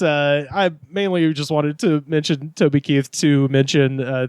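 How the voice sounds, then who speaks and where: Casting note: a male podcast co-host who tells animated stories, voice a touch high, dry close mic. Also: no room sound. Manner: animated storyteller, acts out quoted lines. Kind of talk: casual chat.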